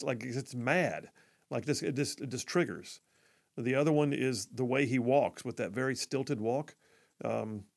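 Middle-aged male radio host, gravelly voice, rambles with lots of ums and restarts. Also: mid-range voice. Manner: rambling, many fillers and restarts. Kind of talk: live talk radio monologue.

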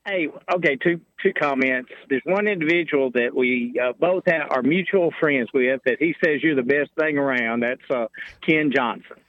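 A man calling a radio show, speaking haltingly with many fillers. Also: medium pitch, no echo, dull audio. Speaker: caller.

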